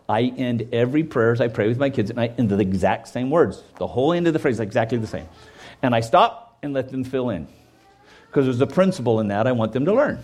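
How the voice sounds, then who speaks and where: With a mid-range, darkish voice, a pastor preaches conversationally, often checking in with "okay?" He jokes and acts out the voices of people he quotes.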